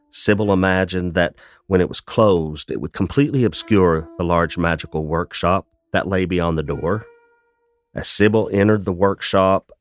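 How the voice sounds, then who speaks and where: Low-voiced male storyteller. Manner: measured, descriptive, calm. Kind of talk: scripted fantasy story narration.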